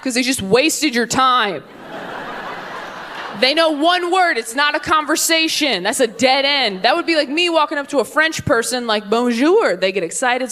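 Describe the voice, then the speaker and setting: High-voiced young woman doing stand-up. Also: fairly bright tone. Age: young adult. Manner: punchy, playful delivery with mocking put-on voices. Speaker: stand-up comedian. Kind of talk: stand-up comedy set. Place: comedy stage before a live audience.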